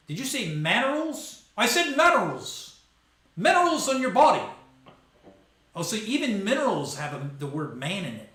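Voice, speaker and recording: A man's voice: sits high, sing-song, normal speed, pushed and bright, heavy reverb, faint music behind, rough recording. A man hosting a live stream, rambling through a loose, joking monologue and laughing at his own jokes.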